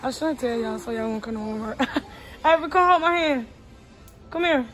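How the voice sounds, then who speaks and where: Chatty young mom vlogging in a store. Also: female voice, sits high, lively intonation, moderate pace, a bit bright, soft background music, low-quality recording. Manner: chatty, addresses viewers as y'all. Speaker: vlogger, mother. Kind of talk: casual vlog while shopping. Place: large store indoors.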